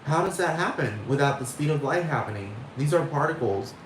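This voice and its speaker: In an echoey room with faint background noise, a speaker with an expressive, mid-range voice rants quickly in a casual monologue. Exasperated and rambling, they swear constantly, repeat phrases, and fill the talk with "like" and "dude".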